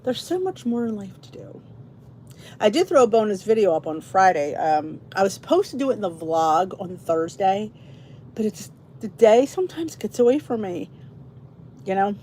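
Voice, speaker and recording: This podcast host is a middle-aged woman from the Philadelphia area, Philly accent and all, chatting casually and ramblingly with her viewers. Her medium-pitched voice has a sing-song lilt, a dark tone, and a normal pace, with a little hiss or hum in the recording. She talks in a loose, chatty way, restarting sentences and wandering off on tangents.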